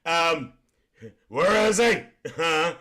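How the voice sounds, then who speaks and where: Putting on a full character voice that's fairly high, pushed, and bright, a man speaks very slowly with lively intonation. He portrays a giggly, risqué auntie figure on a comedy stream, gossiping over comments, telling naughty jokes, and squealing "lovely."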